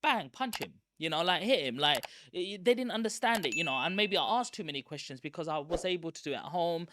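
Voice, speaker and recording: A man's voice: a little high, fast talker, noisy background. Chatty man telling his story. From East London, England. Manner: lively, chatty, self-aware. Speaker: guest. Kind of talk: candid personal storytelling.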